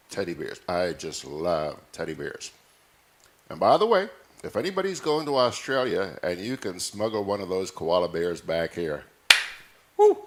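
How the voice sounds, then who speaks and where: A man hosting a current affairs program, chatting casually and joking with listeners. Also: low-pitched. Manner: chatty, playful, jokey. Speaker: radio show host. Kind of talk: casual on-air chat.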